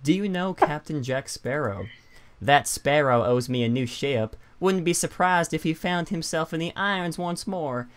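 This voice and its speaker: A man voicing a brassy, mysterious female pirate in a clumsy drawl that sounds more like a slow country speaker than a pirate. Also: a little high, lively intonation, smooth, voice pushed up, close to an everyday voice. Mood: scornful. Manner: clumsy drawl he calls a Western, Forrest Gump voice.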